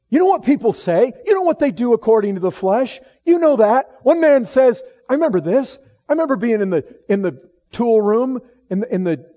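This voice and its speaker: A middle-aged man preaching a sermon with emphatic delivery, swinging from low, solemn tones to loud exclamations and often repeating and restarting phrases.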